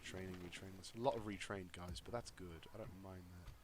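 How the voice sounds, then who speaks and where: A man's voice: sits low, steady tone, fast talker, crowd noise. A man casually commentating a strategy game, thinking aloud with lots of fillers and restarts. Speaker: gaming video creator.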